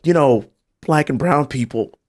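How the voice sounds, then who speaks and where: A man's voice: medium pitch, unhurried. A man, a congressman guest, making emphatic points. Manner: emphatic, animated storytelling. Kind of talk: political talk show discussion.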